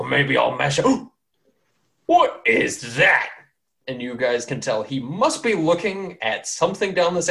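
A man hosting a tabletop game podcast, narrating casually with many fillers and frequent laughter. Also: fairly high pitch. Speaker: game master and podcast host.

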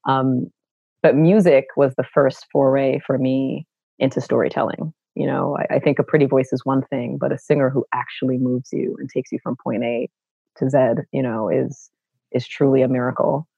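A middle-aged woman from Brooklyn with a low contralto voice tells her stories as a podcast guest. She is animated and expressive and acts out the voices she quotes. The audio is dry and a little dull, like a remote call. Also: normal speed, vocal fry, breathy edge, no room sound. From Brooklyn, New York. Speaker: guest, actor and educator. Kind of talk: conversational interview storytelling.

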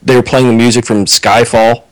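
A man's voice: medium pitch, little pitch movement, normal speed, very noisy. A man co-hosting a podcast, making plain, easygoing remarks in casual chat.

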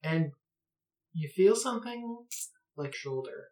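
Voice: mid-range voice, expressive, slow, a little mellow, roomy sound. A game master narrating a tabletop game in loose, rambling descriptions full of filler words.

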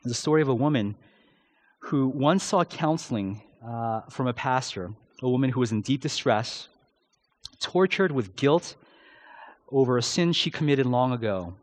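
A male pastor delivering a sermon in an ordinary mid-range voice. His delivery is impassioned, with big swings between loud, emphatic lines and low, quiet drops. He fills his pauses with frequent "uh"s as he tells his story. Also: lively intonation. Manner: uses filler "uh" often.

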